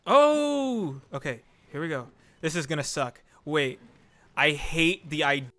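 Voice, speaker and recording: A man's voice: fairly high pitch, moderate pace, no echo. A young man commentating his own climbing game on stream, talking to his chat and yelping when he falls. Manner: excitable, talks to chat, yelps when falling. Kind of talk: gameplay commentary.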